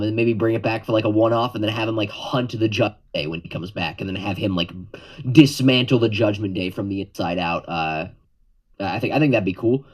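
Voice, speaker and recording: Low-voiced man rambling with "um"s. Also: low-quality recording. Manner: halting, full of "um"s, swears offhandedly. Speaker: podcast co-host. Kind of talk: casual chat.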